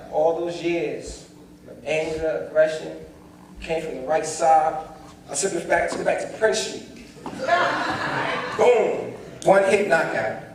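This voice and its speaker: A young man, storytelling to a seminar crowd with a fairly high, lively voice. He acts out the voices in his story and speaks straight to the audience. The sound booms through a large, very reverberant performing arts hall, picked up from far off with faint ambience underneath. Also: slight background noise. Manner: animated, acts out dialogue, addresses the crowd directly. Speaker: motivational speaker. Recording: echoey hall, distant mic, faint ambience.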